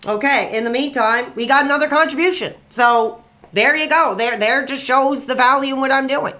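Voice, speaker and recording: A man hosting a livestream and taking calls, chatty and excitable, quick to flare up. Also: extremely high pitch. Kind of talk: casual call-in chat.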